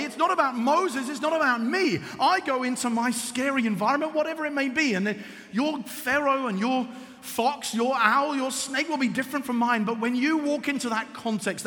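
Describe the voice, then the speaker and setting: A man preaching a sermon as an animated, emphatic storyteller. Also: very high-pitched, in a large hall.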